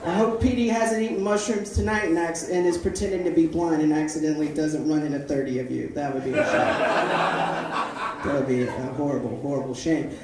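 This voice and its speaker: A man doing a deadpan, self-deprecating stand-up set at a live open mic, bantering with the crowd. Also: fairly high pitch, fairly quick, heavy background noise. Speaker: stand-up comedian. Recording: echoey live room from far off. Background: audience laughter.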